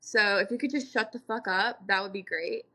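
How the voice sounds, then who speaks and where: A woman's voice: medium pitch, normal speed, pushed and bright. A young woman co-hosting a casual podcast, telling a story in a heated way, full of swearing. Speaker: podcast co-host.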